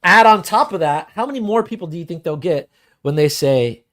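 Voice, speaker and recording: A man hosting a podcast, talking in an animated, profane way and acting out the voices of people he quotes. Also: on the high side, fairly quick. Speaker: podcast host. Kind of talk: casual podcast discussion.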